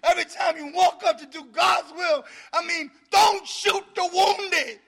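A man's voice: very high-pitched, unhurried, vocal fry, pushed and bright, raised voice. A middle-aged man giving a fiery preaching-style talk at a recovery meeting, exhorting the room and breaking into laughter.

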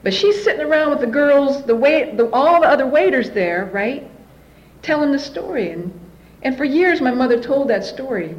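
A woman telling her own story at a recovery meeting, candid and animated. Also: high-pitched, normal speed, highs cut off. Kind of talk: personal recovery testimony.

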